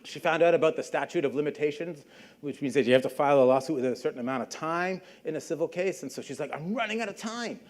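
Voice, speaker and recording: A man's voice: fairly high pitch, fast talker. A middle-aged man giving a public lecture, telling a story in a conversational way and briefly acting out the people he quotes. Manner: conversational, acts out quoted voices. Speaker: guest lecturer.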